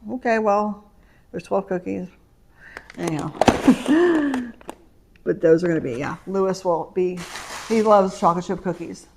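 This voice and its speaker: A woman's voice: mid-range voice, expressive, measured pace, creaky, long pauses, heavy background noise. A middle-aged woman, chatting casually at home on camera about a shopping haul, rambling from story to story. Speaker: vlogger. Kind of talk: casual haul vlog chat. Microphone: camera mic.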